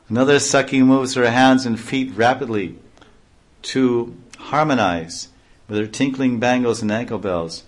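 A man's voice: fairly low pitch, normal speed. Man reading devotional text with asides. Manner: reads aloud, breaking off into offhand comments. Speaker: reader and speaker.

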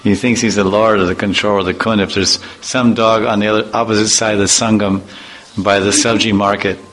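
A man's voice: lowish voice, flat delivery, fairly quick, a bit bright, rough recording. A man giving an informal religious talk, telling chatty, playful anecdotes and acting out voices. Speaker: devotional speaker.

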